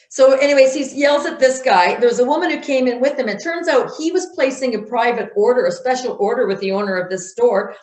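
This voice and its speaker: A woman's voice: high-pitched, fairly quick, hardly any pauses, darkish tone, echoey room. A woman speaking in an interview, blunt and emphatic, acting out quotes as she tells stories. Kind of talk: conversational interview.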